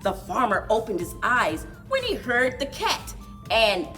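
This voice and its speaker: A woman, a children's librarian, reading a picture book aloud with expressive storytelling. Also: fairly high pitch, measured pace, faint music behind. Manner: expressive storyteller, big swoops for animal noises.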